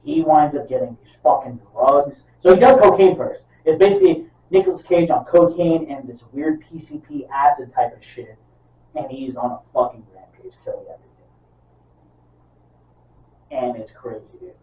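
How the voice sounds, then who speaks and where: A man's voice: fairly high pitch, moderate pace, far from the mic. A man co-hosting a podcast in casual chat, swearing a lot and acting out movie scenes as he retells them. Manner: profane, animated, acts out movie scenes. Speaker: podcast co-host. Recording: roomy, off-mic, dull sound.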